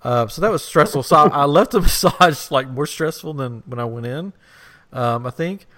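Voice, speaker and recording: A man's voice: on the high side, normal speed, sharp tone. A man in his thirties, a podcast co-host, telling a rambling anecdote in casual chat with frequent laughs.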